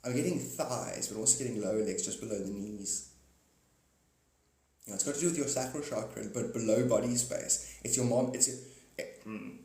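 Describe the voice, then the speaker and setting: A man's voice: mid-range voice, fairly quick, warm tone. A man hosting a live stream, rambling about spiritual ideas with playful wordplay, chuckling often and talking to viewers by name. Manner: speaks straight to viewers by name. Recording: roomy echo.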